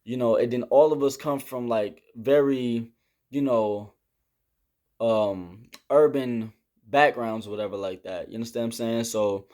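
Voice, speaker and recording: A man's voice: medium pitch, measured pace. Slangy young man telling a story. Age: young adult. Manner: slangy and animated, with many fillers. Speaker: army recruit telling a story. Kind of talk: casual storytelling vlog.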